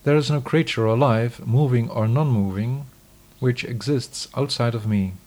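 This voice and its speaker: A man giving a scripted scripture reading in a measured, solemn, declamatory way. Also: mid-range voice, a little mellow.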